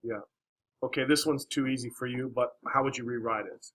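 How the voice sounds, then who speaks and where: Bright-voiced encouraging male math teacher. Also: medium pitch, fairly quick, rough recording. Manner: encouraging, coaxing questions, many "all right"s. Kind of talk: classroom teaching. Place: classroom.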